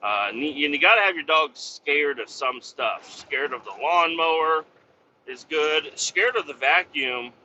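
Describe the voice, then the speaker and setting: Bright-voiced man rambling profanely. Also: a little high, lively intonation, measured pace, lo-fi sound, slight background noise. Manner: profane, rambling, full of fillers. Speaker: podcast host. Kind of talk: casual rambling monologue.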